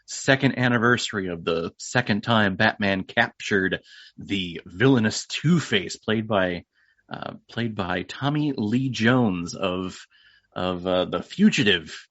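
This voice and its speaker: A man with a lowish voice hosts a podcast and walks the listener through things casually. His voice is dry and close, with no room around it. The sound is a little dull and lo-fi. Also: slow, fairly bright tone, no echo. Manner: explanatory, talks straight to the listener. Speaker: podcast host.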